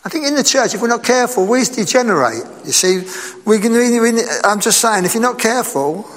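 A man preaching a sermon in a lively, conversational way, asking his listeners rhetorical questions. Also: very high-pitched, a little fast, in a large hall.

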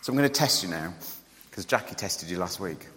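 Preacher with a lively, swooping voice. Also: male voice, a little fast, in a large hall, slight background noise. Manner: conversational and joking, with lively rises in pitch. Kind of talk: sermon.

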